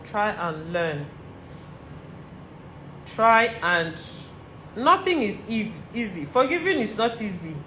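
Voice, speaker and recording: A woman's voice: medium pitch, fairly bright tone, reverberant, a little hiss or hum, low-quality recording. A woman with a Nigerian accent giving a motivational talk to other women, earnest and repeating her urgings for emphasis. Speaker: vlogger giving advice to women. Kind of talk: motivational monologue.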